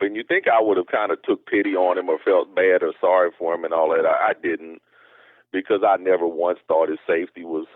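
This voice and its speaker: A man's voice: sits low, no echo. A man telling a story as an interview guest in a loose, rambling way, heard over a tinny phone line. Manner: rambling, many fillers and restarts. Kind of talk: casual storytelling.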